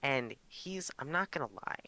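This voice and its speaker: On a dry recording, a young podcast co-host with a mid-range voice talks at a moderate pace. He spins animated stories in relaxed chat, cursing freely.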